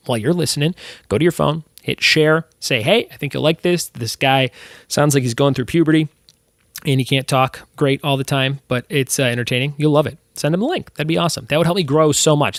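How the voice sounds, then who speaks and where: A man's voice: medium pitch, no echo, clean studio sound. A young man hosting a solo trivia podcast, reading quiz clues and answers with chatty, self-deprecating asides.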